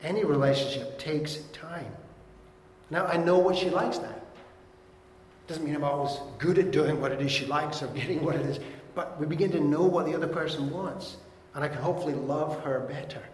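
A middle-aged man preaching a sermon as pastor, earnestly teaching and reading verses aloud slowly. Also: on the high side, slight background noise. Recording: echoey hall with long reverb.

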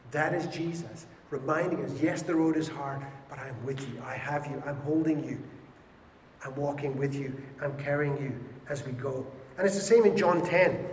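A man's voice: on the high side, brisk, a little hiss or hum. A man preaching a sermon emphatically, repeating words for stress, recorded in an echoey hall. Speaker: pastor. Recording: echoey hall with faint ambience.

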